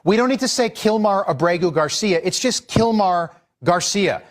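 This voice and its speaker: A man's voice: high-pitched, animated, normal speed. A man hosting a news show, giving exasperated, emphatic opinion commentary. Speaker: news host.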